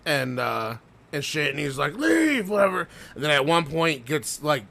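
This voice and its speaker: A man's voice: on the high side, moderate pace, gravelly, pushed and bright. A man co-hosting a podcast, rambling through a story, swearing often and laughing as he goes. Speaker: podcast co-host. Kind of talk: casual profane chat.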